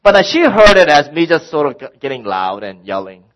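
A middle-aged man, a pastor, preaching a sermon and telling a personal story in an animated way, acting out his own exasperation. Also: a little high, brisk, rough recording.

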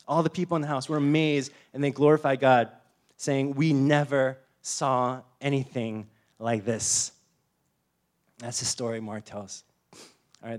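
A young man giving a sermon in an easygoing, conversational way. He tells the story with lots of energy and slips into little acted-out voices. His voice sits at an ordinary middle pitch. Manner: animated storytelling, acts out voices, frequent "you know" and "like". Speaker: pastor.

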